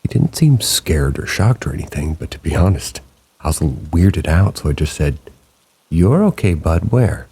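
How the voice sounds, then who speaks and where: A man narrating submitted true ghost stories in a slow, hushed late-night storytelling manner. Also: animated. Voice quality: very deep gravelly voice. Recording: rain sounds behind the voice.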